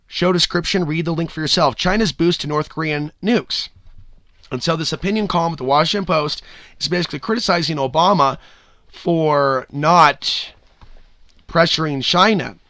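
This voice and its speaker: Bright, ranting podcast host, man. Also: a little high, no echo, clean studio sound. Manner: loose and ranting, swears, bursts into loud whoops. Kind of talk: solo podcast commentary.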